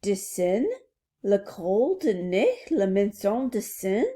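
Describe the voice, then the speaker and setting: A woman's voice: mid-range voice, sing-song, normal speed, mellow, close to an everyday voice. A woman voicing an eager young French princess who carefully sounds out English words. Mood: earnest.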